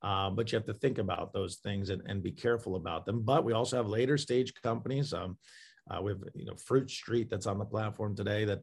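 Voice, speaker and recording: A man's voice: on the low side, brisk, gravelly, husky. A man who runs a crowdfunding platform, answering interview questions in a loose explanatory way with many fillers and restarts.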